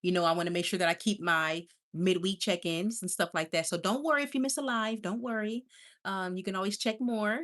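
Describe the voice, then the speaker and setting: A woman's voice: mid-range voice, brisk, a bit bright. A woman hosting a casual livestream, chatty and affectionate, laughing often. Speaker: livestream host.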